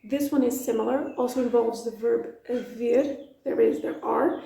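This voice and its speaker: A woman's voice: on the high side, fairly even intonation, unhurried, gravelly, warm tone, roomy sound, rough recording. A woman from Portugal, teaching in a casual, playful way with lots of examples. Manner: chatty, playful, explains with examples. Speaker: language teacher. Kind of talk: casual video lesson.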